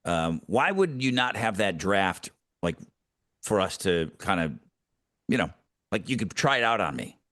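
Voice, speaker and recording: A man's voice: low-pitched, sing-song, measured pace, long pauses, a bit bright, dry recording, clean studio sound. A man co-hosting a podcast, chatting casually and needling his partner with teasing questions. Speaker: podcast co-host. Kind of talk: casual chat.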